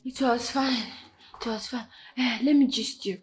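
A woman's voice: a little high, fairly even intonation, measured pace, soft background music. A woman in a comedy skit, speaking sweetly to her partner. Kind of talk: Nollywood comedy skit acting.

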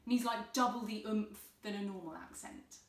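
A woman's voice: medium pitch, moderate pace. A woman teaching beginners cello in an online tutorial, giving patient, encouraging step-by-step instructions. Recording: roomy sound from a distant mic with cello.

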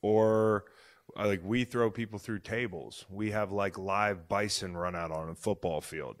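Guy in his 30s hosting a podcast, kinda low voice, cussing and joking around all excited. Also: unhurried. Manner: excitable, profane, jokey banter. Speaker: podcast host. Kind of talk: casual chat.

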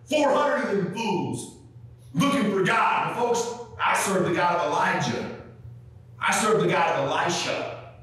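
A man preaching a sermon in a folksy, fervent, animated way, often stumbling over fillers. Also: high-pitched, measured pace. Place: large church sanctuary. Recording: very echoey church from far off.

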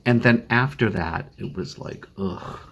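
A man's voice: lowish voice, measured pace, gravelly, slightly rough. An older man with a Boston accent giving a tired, rambling video update from home, full of fillers and restarts. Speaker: vlogger living with chronic illness. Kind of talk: casual personal video update. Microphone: phone used as webcam.

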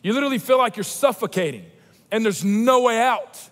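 Man, 30s, high-pitched, animated preaching, reverberant auditorium. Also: brisk. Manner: animated, emphatic preaching with personal storytelling. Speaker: pastor. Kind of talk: sermon. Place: large church auditorium. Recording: long reverb of a church auditorium.

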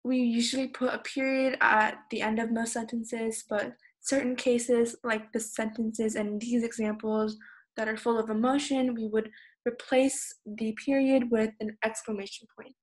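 A woman's voice: fairly high pitch, flat delivery, measured pace. Teenage girl explaining punctuation patiently. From California. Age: teens. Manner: plain, patient explaining, raises voice on example shouts. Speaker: student teacher. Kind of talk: recorded online lesson.

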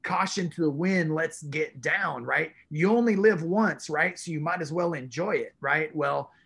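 A man's voice: on the high side, unhurried, gravelly, fairly bright tone, breathy edge. A man in his forties, a guest in a casual interview, telling his story with animation and acting out his own inner voice. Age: 40s.

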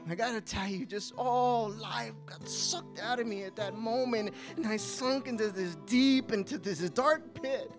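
A young man giving a live spoken testimony at a coffee house, telling his story with strong emotion, his voice climbing in tense moments and sinking low in sad ones. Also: measured pace, few pauses, over music.

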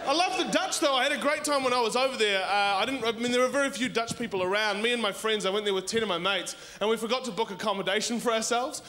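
A young man performs stand-up on a live comedy stage. His voice is fairly high for a man, and he tells stories in an animated way, often laughing as he goes. There is a faint hiss of noise behind him. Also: quick pace, hardly any pauses. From New Zealand.

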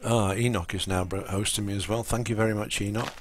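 A man's voice: on the low side, fairly even intonation, fast. A man chatting casually and rambling while he plays a game on a live stream. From England. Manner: rambling, full of ums and restarts.

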